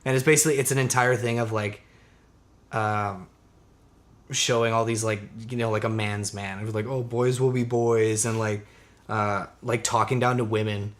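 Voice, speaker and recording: A man's voice: lowish voice, fairly even intonation, normal speed. A young man co-hosting a podcast in casual chat, rambling with lots of fillers, swearing and laughing often. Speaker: podcast co-host.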